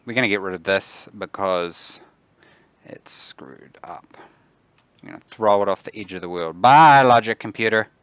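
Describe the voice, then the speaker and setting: A man's voice: low voice, fairly even intonation, moderate pace, fairly bright tone, clear, resonant tone, no room sound, dull audio. A man with a New Zealand accent who hosts a game dev stream from his office, muttering to himself and thinking aloud as he builds things in the game. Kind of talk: casual livestream commentary while demoing a game.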